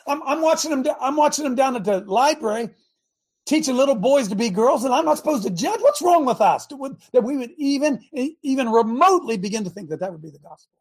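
Middle-aged guy preaching on his show, raspy voice pitched high, keeps going "you tracking with me?". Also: animated, fast, darkish tone. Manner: fervent, checks in with listeners often. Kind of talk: conversational sermon.

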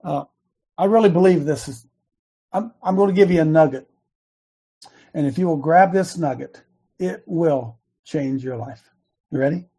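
A man's voice: a little high, moderate pace, long pauses, mellow, slightly rough. A man, known as coach, giving an earnest and emphatic sermon-style devotional talk and repeating his key lines.

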